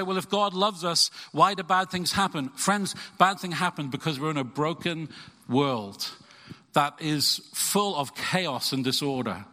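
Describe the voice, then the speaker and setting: A man's voice: a little high, sharp tone. Earnest preaching man in a reverberant hall. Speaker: pastor. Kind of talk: sermon. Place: church.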